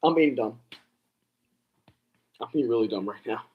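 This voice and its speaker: A man's voice: mid-range voice, unhurried, phone-quality sound. A young man chatting casually to himself and viewers as he reacts live, rambling and saying bro and dude. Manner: rambling, self-talking, says bro and dude. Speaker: vlogger reacting to an awards show.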